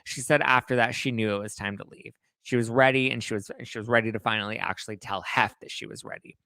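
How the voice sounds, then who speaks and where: Bright-voiced gossipy man host. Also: fairly low pitch, quick pace, creaky, no echo. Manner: gossipy, dramatic, animated. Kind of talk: casual book recap chat.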